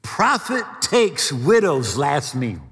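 A man preaching a sermon, retelling a story in an animated way and acting out the voices. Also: on the high side, slow, gravelly, breathy edge, long reverb tail. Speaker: pastor.

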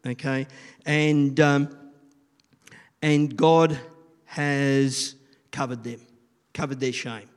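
A man's voice: medium pitch, steady tone, extremely slow, long pauses, clear, resonant tone. A middle-aged man, giving a rambling, chatty sermon and often asking the listeners questions. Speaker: children's church leader. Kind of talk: informal sermon. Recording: long reverb of a large room.

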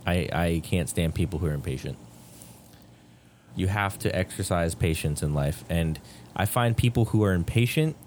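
A man's voice: deep voice, moderate pace, a little hiss or hum. A man on a podcast, chatting casually and earnestly giving his opinions. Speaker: podcast co-host. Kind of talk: casual chat.

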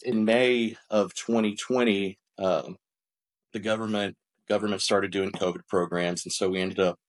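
Lower-voiced man telling his business story. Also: normal speed. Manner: animated, acts out quoted dialogue; frequent restarts and repeated words. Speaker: business owner, podcast guest. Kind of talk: conversational storytelling.

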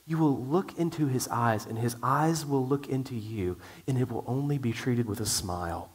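A man's voice: mid-range voice, moderate pace, breathy edge. A middle-aged male pastor preaching a sermon in an earnest way, with frequent restarts.

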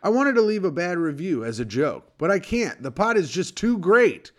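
A man's voice: high-pitched, sing-song, normal speed, a bit bright. A man co-hosting a casual podcast, bickering and teasing, fussy about the sound levels. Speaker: podcast co-host. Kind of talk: casual chat.

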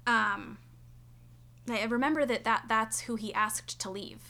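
A young woman tells a story on a casual podcast, rambling along with fillers and side remarks. Her voice sits a little high and has a bright, forward edge. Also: unhurried. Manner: chatty, rambling with fillers and asides. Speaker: podcast co-host.

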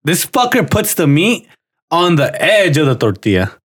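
A man's voice: on the high side, wildly swooping pitch, normal speed, slightly rough. A young man co-hosting a casual podcast, teasing his friend with profane banter. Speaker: podcast co-host. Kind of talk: casual chat.

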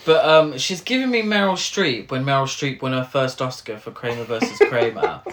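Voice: mid-range voice, moderate pace, crowd noise. A podcast co-host chatting casually about a film, hesitant and full of restarts. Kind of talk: casual film recap chat.

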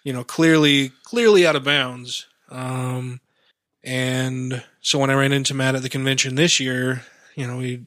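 A man's voice: medium pitch, fairly even intonation, unhurried, fairly bright tone, dry recording, clean studio sound. A man co-hosting a casual podcast chat, joking and sarcastic, with frequent swearing. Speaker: podcast co-host.

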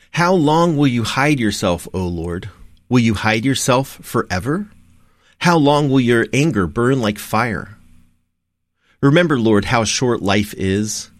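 A man reciting psalms, canticles and scripture for evening prayer in a steady, reverent, measured way, pausing between phrases. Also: fairly low pitch, no room sound, studio quality. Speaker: liturgical reader. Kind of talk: measured liturgical scripture reading.

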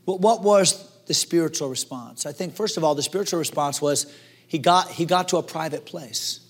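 Man, pastor, sermon, high voice, animated, hushed to loud. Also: normal speed. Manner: animated preaching, acts out quoted voices, swings from hushed to loud.

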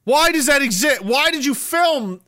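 A man's voice: extremely high pitch, animated, measured pace, pushed and bright, dry recording, studio quality. A man hosting a live stream, ranting sarcastically in a mocking, rambling way. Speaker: streamer host.

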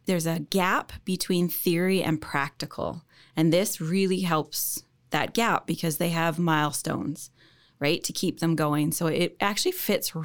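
A woman college instructor speaks in an interview with a slightly low voice. She is enthusiastic and laughs often as she explains her teaching. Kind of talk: podcast interview.

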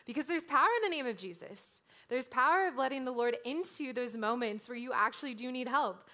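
A woman preaching a sermon in a casual, conversational way, often filling pauses with "like". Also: high-pitched, expressive, bright, forceful tone. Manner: conversational, frequent "like" fillers.

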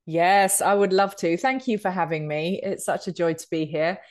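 British woman, 50s, lower voice, chatty guest, dry close mic. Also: steady tone, normal speed, no room sound. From Britain. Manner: chatty, warm-humored, many ums. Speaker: podcast guest, author and speaker. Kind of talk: conversational interview.

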